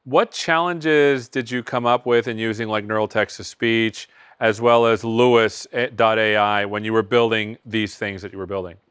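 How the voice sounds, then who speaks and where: American host guy, smooth clear voice, chatty and candid, dry close sound. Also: fairly low pitch, steady tone, moderate pace, fairly bright tone, dry recording. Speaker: panel host. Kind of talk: remote panel discussion.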